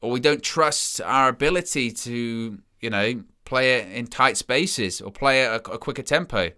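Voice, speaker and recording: A young man giving excitable, chatty live commentary as a fan following a football match. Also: mid-range voice, normal speed, clean tone. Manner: excitable, chatty play-by-play with asides.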